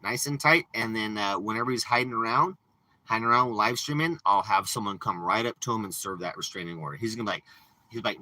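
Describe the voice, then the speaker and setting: A man's voice: lowish voice, fast, pushed and bright, rough recording. A man ranting and boasting in casual, profane, rambling livestream chat from inside a parked RV, talking into a phone. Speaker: live streamer.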